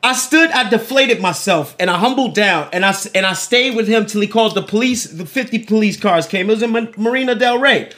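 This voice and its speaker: A man's voice: high voice, a little fast, few pauses. A man hosting a podcast, telling a story in casual, profane chat and acting out the people in it. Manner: animated, profane, acts out quoted people. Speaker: podcast host.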